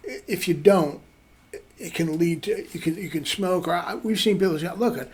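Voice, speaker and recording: A man representing an addiction clinic, explaining treatment in a measured way with frequent restarts. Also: sits high, a little mellow, breathy edge. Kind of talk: interview answers.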